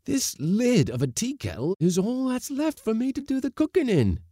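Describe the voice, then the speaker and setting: A man voicing a panicky male ship's cook in a storybook reading, with high strained cries. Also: wildly swooping pitch, moderate pace, dark tone, no room sound, studio quality, heavily acted. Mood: desperate.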